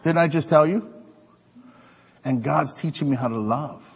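A male preacher giving an animated, joking sermon to his congregation. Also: a little high, a little slow, vocal fry, big-room sound, noisy background. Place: church hall.

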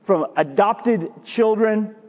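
A man preaching a sermon as pastor, animated and jokey, repeating his points for emphasis. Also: high-pitched, takes it slowly. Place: church sanctuary. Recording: reverberant church hall.

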